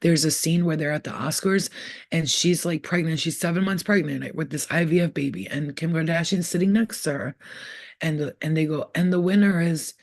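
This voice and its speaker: A man's voice: fairly high pitch, normal speed, vocal fry, no echo, clean studio sound. A young man in a casual, rambling monologue who talks in a profane, conspiratorial way as a spiritual vlogger.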